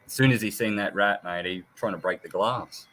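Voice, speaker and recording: Low-voiced man telling stories. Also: fairly quick, a bit bright. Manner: rambling storyteller, swears casually, mimics his pet. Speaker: livestream guest. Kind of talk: casual chat, anecdotes.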